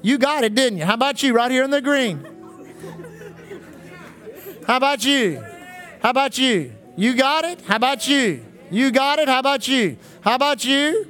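A fervent man preaches at a charismatic church service, calling out to the people in front of him. His voice sits very high for a man. Faint music plays behind him. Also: lively intonation, moderate pace, fairly bright tone, some chatter behind. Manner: fervent, calls out to congregation.

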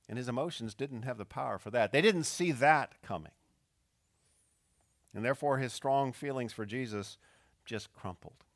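Male preacher, mid pitch, dry close sound, storytelling sermon that acts out quotes. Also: a bit bright, no echo. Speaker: pastor.

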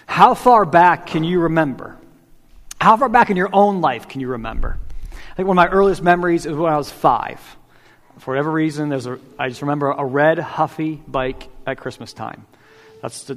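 A man's voice: a little high, fairly bright tone. A man in his thirties preaching a sermon in a casual, conversational way, asking the congregation questions and repeating "right?". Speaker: pastor. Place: church hall. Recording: long hall reverb.

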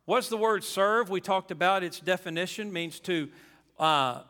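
A man's voice: high voice, unhurried, bright, forceful tone, long reverb tail. A pastor preaching a sermon to his congregation, emphatic and folksy, repeating his key phrases.

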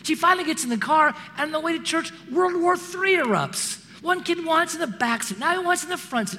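A man's voice: extremely high pitch, a little fast, hardly any pauses, long reverb tail, a little hiss or hum. A man giving a sermon, telling stories and acting out the voices of people in them. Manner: animated, acts out voices in stories. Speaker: preacher. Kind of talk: sermon with storytelling.

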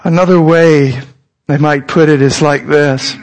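A pastor in his thirties preaching a sermon, his voice sitting notably high for a man. He talks in a casual, earnest way and addresses his listeners directly. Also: steady tone, unhurried.

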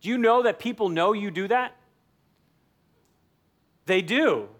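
A man preaches a sermon in a relaxed, conversational way. His voice sits high, and he slips into little acted-out snippets of everyday talk to make his points. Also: measured pace. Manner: conversational preaching, acts out quoted dialogue. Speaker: pastor.

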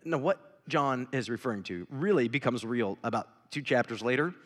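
Impassioned pastor swinging from shouts to whispers. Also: male voice, mid-range voice, lively intonation, moderate pace. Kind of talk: sermon. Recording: reverberant hall.

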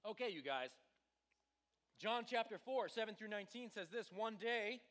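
High-voiced, lively youth pastor. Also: male voice, normal speed. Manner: lively, conversational, acts out voices in his stories. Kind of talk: casual youth sermon to a live group. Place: warm indoor room with a stage.

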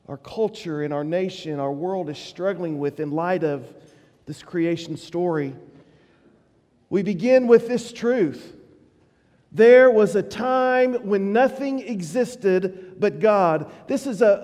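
A man preaching a sermon as pastor in a church, in a measured, reflective way. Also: sits high, warm tone, big-room sound. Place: church sanctuary.

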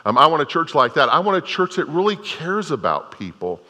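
Brisk and a little high, this middle-aged Methodist pastor's sing-song voice carries a bright, forceful edge. His sermon story is folksy and unpolished, with frequent restarts, and his words ring out with long reverb as if in a large church hall.

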